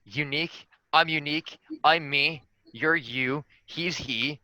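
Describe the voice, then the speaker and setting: A man doing a cocky, boastful candidate with a very bright, tense voice, bragging and joking crudely in a dry, close-sounding room. His pitch jumps up when he boasts. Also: takes it slowly, dry recording, exaggerated voice, rough recording. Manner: boastful, swaggering, crude jokes. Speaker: player giving a joke campaign speech. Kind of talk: comedic in-character campaign speech.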